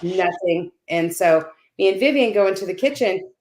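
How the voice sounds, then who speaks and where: A lower-pitched woman speaks on a video call, telling a personal story with lively, conversational momentum. She keeps checking in with her listeners with "right?". Her voice carries a noticeable roomy echo. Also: moderate pace. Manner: animated storyteller, tags lines with "right?". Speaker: guest.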